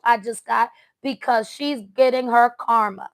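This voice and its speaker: A woman's voice: on the high side, a little slow, reverberant. A woman doing a casual tarot reading for viewers, talking in a blunt, mocking, sassy way. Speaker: tarot reader.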